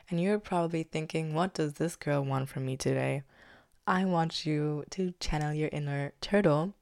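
A young woman with a low, deep voice hosts her own podcast and retells a story in a loose, chatty way. She leans on fillers like "like" and "basically" and now and then sinks into a soft whisper. The recording is dry, with no room sound. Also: no room sound. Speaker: podcast host. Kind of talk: casual spoken storytelling. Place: living in Germany.

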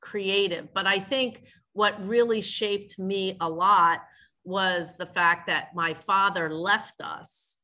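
A woman's voice: mid-range voice, steady tone, slow pace, sharp tone. A woman being interviewed on a podcast, talking earnestly and reflectively, often restarting her sentences. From family from France. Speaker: podcast guest, business leader. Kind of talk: casual interview talk.

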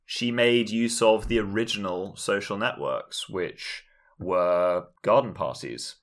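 Deep-voiced English man, dry wit. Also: slow. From England. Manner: dry, ironic, mimics others in sudden high voices. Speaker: podcast co-host. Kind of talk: casual chat.

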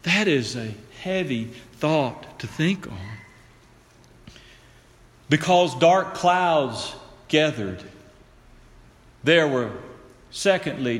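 A male pastor gives a slow, emphatic sermon with lively intonation, speaking directly to the congregation. For weight he drops to a low, hushed voice, and a long reverb tail follows his words.

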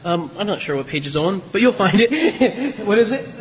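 A man's voice: high voice, sing-song, normal speed. A man preaching a sermon to his congregation in a church, talking in a conversational way with teasing asides. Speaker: pastor. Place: church sanctuary. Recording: long hall reverb.

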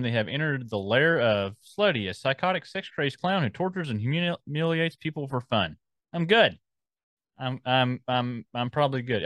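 A man's voice: medium pitch, fairly bright tone, no echo. A man co-hosting a podcast in casual chat, rambling as he scrolls and reads out film listings. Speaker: podcast co-host.

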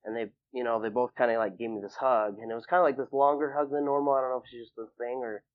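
A man's voice: medium pitch, fairly even intonation, quick pace, phone-quality sound. A young man, a guest in an interview, telling a personal story casually, full of fillers and acting out what others said. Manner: rambling, filler-heavy, acts out quoted people in a raised voice.

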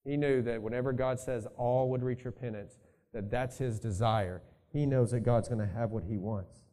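A man's voice: mid-range voice, normal speed, warm tone. A male pastor preaching a sermon in a conversational way, thinking aloud and adding asides to his congregation.

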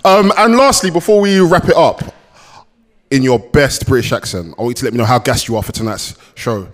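A man's voice: medium pitch, expressive, fairly quick. A man hosting a podcast and chatting casually with a guest. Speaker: podcast host. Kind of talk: casual chat.

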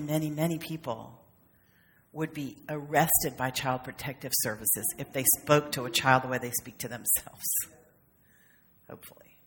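A woman minister giving a conversational, humorous sermon, with playful acted asides. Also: deep voice. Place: church sanctuary. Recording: long reverb of a sanctuary.

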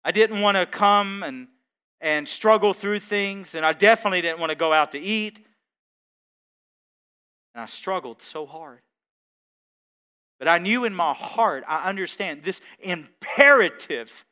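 Guy preaching, high bright voice, keeps repeating lines for emphasis. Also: lively intonation, a little slow, pauses often, clean tone. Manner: rising to emphatic repetition, chuckling between points. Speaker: pastor. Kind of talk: sermon.

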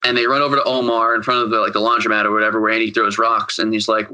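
A man's voice: fairly low pitch, flat delivery, very fast, few pauses, bright, forceful tone, clean tone, rough recording. A man co-hosting a podcast, recapping a film in casual chat, rambling, profane and full of fillers. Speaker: podcast co-host.

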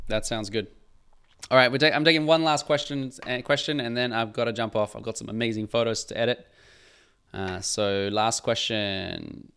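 A middle-aged man chats on a casual livestream, his voice smooth and resonant at an ordinary mid pitch. He reads out viewer comments and tells stories in an earnest, chatty way, often restarting his sentences. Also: steady tone, moderate pace, a bit bright. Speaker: photographer hosting a live Q&A.

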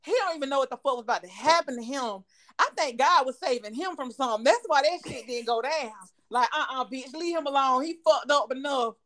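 Woman, high voice, loud, profane, animated podcast chat. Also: brisk. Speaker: podcast co-host. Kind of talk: casual chat.

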